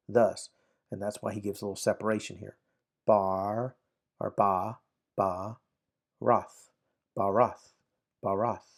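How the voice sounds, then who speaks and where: A man teaching a recorded grammar lesson, sounding out syllables slowly and often checking "right? okay?". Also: lowish voice, a little mellow. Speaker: Bible Hebrew teacher.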